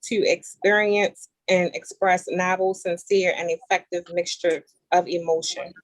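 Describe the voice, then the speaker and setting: A woman hosting a casual talk show, animated and playful, reading definitions aloud and teasing her guests. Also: fairly low pitch, measured pace, no room sound. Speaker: show host. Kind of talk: casual chat.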